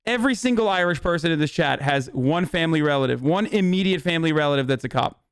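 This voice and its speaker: A male streamer rambles through a reaction video, cracking profane jokes in casual chat. His voice is smooth and fairly high for a man. The sound is close and dry. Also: expressive, fast, no room sound. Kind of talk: casual livestream commentary.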